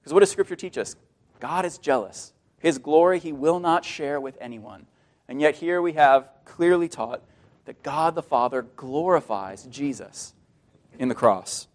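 A man preaching a sermon in an earnest, animated way. His voice sits fairly high for a man. He often repeats a word mid-sentence as he goes. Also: unhurried. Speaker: pastor.

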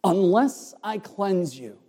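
A man preaches verse by verse, stressing each word with deliberate emphasis. His voice is dark and mellow, though pitched a touch high. The sound carries a long reverb, as in a church hall. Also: very animated. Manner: explains Greek words, emphatic and deliberate. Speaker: pastor. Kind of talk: expository sermon.

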